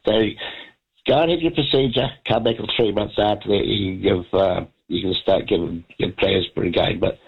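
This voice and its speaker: Over a dull, lo-fi radio phone line, a congested man in his 70s rambles through a casual chat, restarting often. His voice is lowish, steady, husky and a little fast, with vocal fry.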